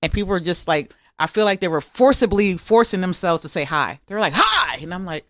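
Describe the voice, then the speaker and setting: Lively storytelling woman comedian. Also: lowish voice, quick pace, no room sound, studio quality. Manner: storytelling, animated, laughs often. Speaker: comedian guest. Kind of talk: casual podcast chat.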